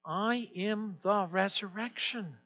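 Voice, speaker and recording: A man preaching a sermon as pastor, swinging from hushed, quiet passages to loud, emphatic declarations. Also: high-pitched, slow. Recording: dull lo-fi sound with long hall reverb.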